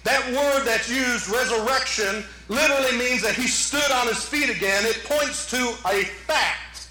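A man preaching a sermon as pastor, animated, rising to shouts and dropping into playful asides. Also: very high-pitched, unhurried, echoey room, soft background music, poor audio. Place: church sanctuary.

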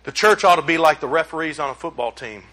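A man with a high, ringing voice preaches with a drawl. He sounds middle-aged, talking to his congregation in a folksy, plain-spoken way and pushing his points home with loud, emphatic bursts. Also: expressive, fast talker. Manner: folksy and emphatic, with rising exclamations. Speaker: pastor. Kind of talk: sermon.

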